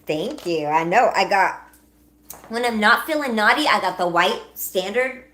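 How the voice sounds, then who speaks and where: A woman's voice: mid-range voice, expressive, measured pace, pushed and bright. A young woman hosting a livestream, chatting casually, laughing often and answering her chat as she goes. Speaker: livestream host.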